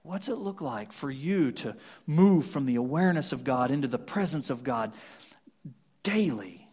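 A man preaching a sermon, swinging from loud emphatic scripture reading to hushed, almost whispered lines. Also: medium pitch, lively intonation, moderate pace, husky. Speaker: pastor.

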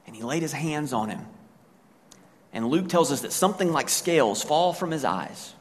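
A man's voice: on the high side, lively intonation, moderate pace. Male pastor, conversational sermon, casual paraphrasing, long hall reverb. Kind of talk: sermon retelling a scripture story.

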